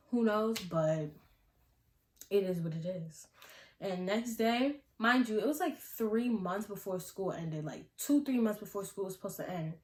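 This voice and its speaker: A young adult woman vlogger telling a casual storytime in an animated, slangy way, often breaking into laughs. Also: medium pitch. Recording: roomy echo.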